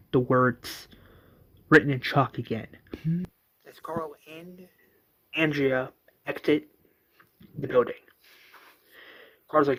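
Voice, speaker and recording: Slow, rambling male narrator. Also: medium pitch. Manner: rambling with fillers and self-corrections. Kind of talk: casual episode retelling.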